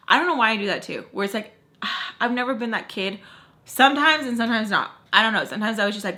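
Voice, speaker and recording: A young woman recounts a dramatic episode in casual vlog storytime. Her voice is bright and forward. She talks in a loose, animated way, scattering "like" through each sentence. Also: mid-range voice, brisk. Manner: animated, heavy use of "like", acts out quotes. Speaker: vlogger telling a story.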